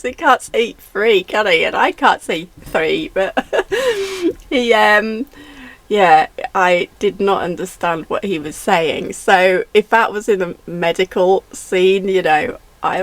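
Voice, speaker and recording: A woman talking in a rambling, opinionated casual monologue, often laughing mid-sentence and repeating her points. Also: on the low side. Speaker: vlogger.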